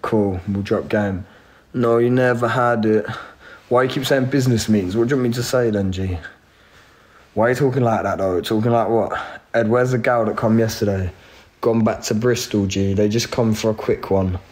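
A man's voice: fairly low pitch, moderate pace, darkish tone. A young man, chatting casually on a phone live stream, laid-back and slangy with plenty of swearing. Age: 20s. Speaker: livestream host.

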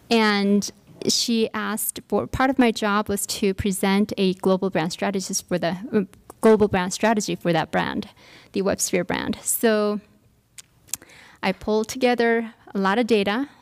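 A woman's voice: medium pitch, vocal fry. A woman giving a workshop talk, telling a personal story with many fillers and restarts. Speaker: workshop speaker. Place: lecture room.

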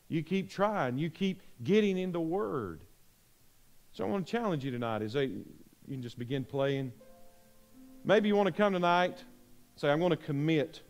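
A man preaching an earnest, pleading sermon invitation in a church, repeating his phrases. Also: on the high side. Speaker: pastor. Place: church sanctuary.

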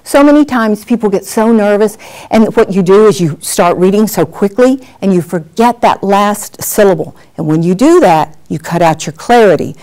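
Lively woman coaching on-camera skills. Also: mid-range voice, normal speed. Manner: lively, animated, acts out examples. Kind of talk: workshop lesson.

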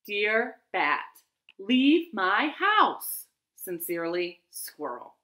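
A woman's voice: lowish voice, animated, slow, fairly bright tone, reverberant. A woman voicing a prickly, tidy female squirrel in a read-aloud picture book, reading her notes out emphatically in a living room. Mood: stern.

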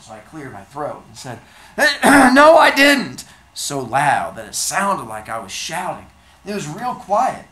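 Expressive male teacher reading aloud. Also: medium pitch, a little hiss or hum. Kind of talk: reading a novel aloud to a class, then discussion. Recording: roomy classroom with faint ambience.

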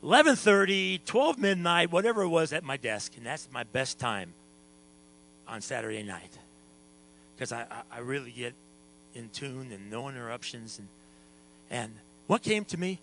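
A man preaching a lively sermon as pastor, sometimes singing and shouting, with a hum behind him. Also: mid-range voice, moderate pace, gravelly, pauses often, rough recording. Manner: animated preaching, sings and shouts at times.

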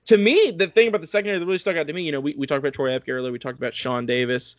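A man's voice: fairly high pitch, dry recording. A man hosting a casual sports podcast, leading the talk and weighing the team's roster. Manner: fast, analytic, leads the talk. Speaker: podcast host.

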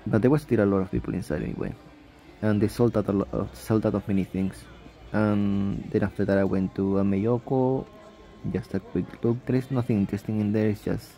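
Gravelly, low-voiced young man rambling. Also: dark tone. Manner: rambling, self-correcting, laughs often. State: sleepy, just woke up. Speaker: vlogger. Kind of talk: casual travel vlog voice-over.

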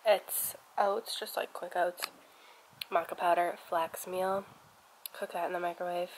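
A young woman from the United States chatting casually on her vlog, with lots of "like" and a quiet, almost whispered tone at times. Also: on the low side, level tone, a little slow, a little hiss or hum, poor audio. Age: young adult. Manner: chatty, lots of "like", drops to a near whisper when tasting. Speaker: vlogger.

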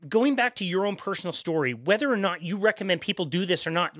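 A male podcast host with a bright, forward tone and a slightly high pitch. He talks in a conversational, reflective way. The recording is dry, with no room sound. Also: lively intonation, quick pace, no room sound. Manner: conversational, thoughtful, asks follow-up questions. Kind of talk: casual podcast interview.

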